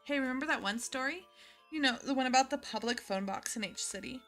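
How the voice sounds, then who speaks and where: A woman's voice: mid-range voice, animated, measured pace, bright, forceful tone, faint music behind. A woman voicing a bubbly young schoolgirl in a Valley Girl drawl, reading game dialogue aloud. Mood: gossipy.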